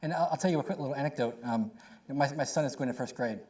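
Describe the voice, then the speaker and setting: A middle-aged man talks on a panel. He speaks conversationally and tells animated stories with quick asides. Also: medium pitch.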